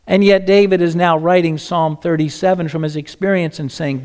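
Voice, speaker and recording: A man's voice: high-pitched, moderate pace, hardly any pauses, darkish tone, clear, resonant tone. A man preaching a sermon, reading scripture aloud and asking the congregation rhetorical questions. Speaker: pastor.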